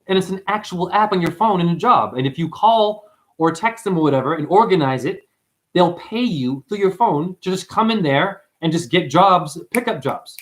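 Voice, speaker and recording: A man ranting to his chat on a livestream, swearing a lot and rambling, swinging from loud outbursts to low muttering. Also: moderate pace. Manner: profane, rambling, excitable, swings between shouting and muttering. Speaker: live streamer. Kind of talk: unscripted livestream rant to chat.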